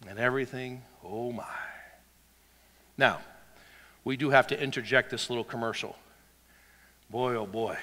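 A male pastor preaching a sermon in a church, dramatic and animated, swinging from loud shouts to hushed whispers. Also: medium pitch, normal speed, long pauses, long reverb tail.

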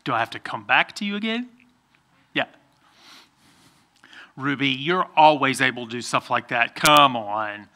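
A man's voice: medium pitch, lively intonation, unhurried, long pauses, sharp tone. A man pastor giving a playful children's sermon, coaxing the kids by name to join in.

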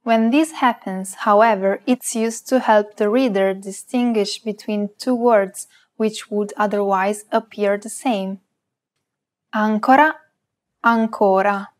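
A woman's voice: mid-range voice, steady tone, measured pace, a little mellow. Woman co-host carefully pronouncing example words. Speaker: co-host and native speaker. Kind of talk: scripted lesson narration with example words.

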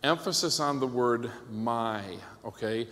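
A man preaching a conference sermon as a pastor, animated and joking, often checking with the crowd by asking "okay?". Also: medium pitch, unhurried. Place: church hall. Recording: long hall reverb.

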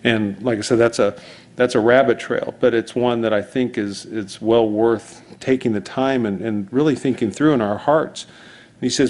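Conversational pastor with rambling asides. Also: male voice, on the low side, moderate pace, a little mellow. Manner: rambling storytelling with many asides and restarts. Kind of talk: conversational sermon.

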